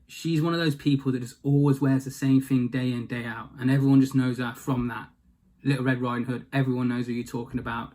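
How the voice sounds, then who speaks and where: A man retelling a fairy tale in a casual comic style, with deadpan asides and rambling detours. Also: medium pitch. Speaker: storyteller.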